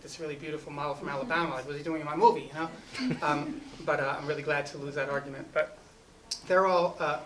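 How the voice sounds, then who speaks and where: A man's voice: fairly high pitch, fairly bright tone. A man, a film director at a festival, telling a rambling casual anecdote full of "you know" and restarts. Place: festival event. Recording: distant mic with faint ambient noise.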